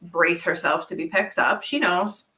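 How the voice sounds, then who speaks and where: A woman co-hosting a casual livestream Q&A from her farm, telling stories in a chatty, animated way. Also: on the low side, measured pace, echoey room, low-quality recording. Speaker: farm co-owner and livestream host.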